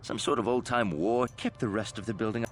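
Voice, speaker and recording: A man's voice: on the low side, a little fast, close to an everyday voice. An actor playing a wary, streetwise male witness in a video game, guarded and reluctant to say more. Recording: game audio with faint music.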